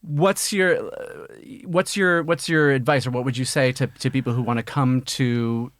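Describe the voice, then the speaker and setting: Halting man host, close and dry. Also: mid-range voice, fairly even intonation, a bit bright, no echo. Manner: halting, lots of ums and restarts. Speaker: podcast host. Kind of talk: casual studio chat. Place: studio.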